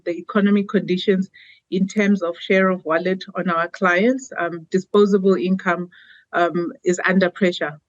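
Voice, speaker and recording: A woman executive answering news interview questions in a measured way, with many 'um' fillers. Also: mid-range voice, dry recording, dull audio. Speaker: company executive.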